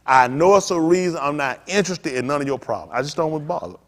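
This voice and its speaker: A middle-aged male pastor preaching in a lively, story-driven way. His voice sits a little high and leaps all over the place. He drops to a mutter, then bursts out loud, and acts out the voices of the people in his stories. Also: quick pace. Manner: animated, swings from low mutters to loud outbursts; quotes others in acted voices, repeats phrases.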